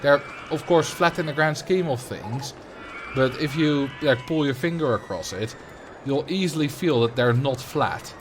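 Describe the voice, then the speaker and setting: A man's voice: mid-range voice, unhurried. Dutch-accented man, casual livestream chat, game commentary, faint traffic noise behind. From Netherlands. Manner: chatty, answers chat questions while playing. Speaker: streamer.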